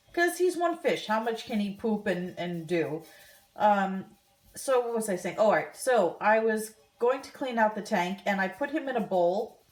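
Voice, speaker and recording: A woman telling a story in a casual home vlog, chatty and animated, with plenty of fillers and restarts. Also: medium pitch. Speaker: vlogger. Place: at home by a kitchen counter.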